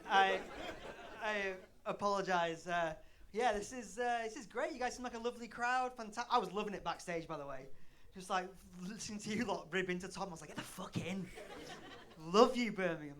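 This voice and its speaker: A man's voice: high voice, fairly quick, fairly bright tone. A man in his late thirties from northern England works a comedy club crowd on a handheld stage mic. He talks in a sweary, self-mocking way, bantering with the audience. A faint hiss of noise sits under his voice. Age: 30s. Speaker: stand-up comedian. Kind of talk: live stand-up set.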